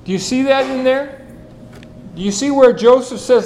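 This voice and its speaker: A man preaching an expository sermon, reading scripture and asking the listeners rhetorical questions in a lively, animated way. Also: extremely high pitch, normal speed, a little hiss or hum, rough recording. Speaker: pastor.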